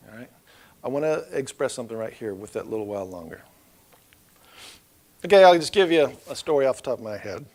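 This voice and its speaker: A middle-aged man, preaching a loose, storytelling sermon in church that swells loud and then drops low. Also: sing-song, brisk, long pauses. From Oklahoma. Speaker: pastor. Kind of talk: conversational sermon.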